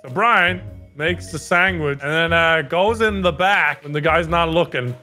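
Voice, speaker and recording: A young man co-hosting a stream, guessing and teasing in an animated way. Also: fairly high pitch, a little slow, faint music behind. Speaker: streamer co-host. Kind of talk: casual chat, reacting to memes.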